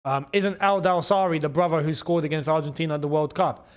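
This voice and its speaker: A man hosting a live football watchalong, excitable and chatty, repeating his phrases and laughing often. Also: a little high, fairly quick. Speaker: host.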